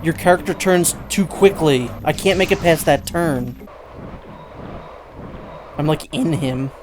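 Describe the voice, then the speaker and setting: This let's play features a man whose slightly high voice moves slowly as he delivers exasperated, sarcastic remarks about the game, with game music playing behind him.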